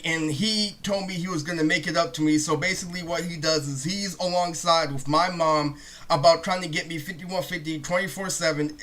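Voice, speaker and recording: High, bright-voiced young man ranting. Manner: heated, profane, rambling rant. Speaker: vlogger. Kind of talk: ranting monologue to camera.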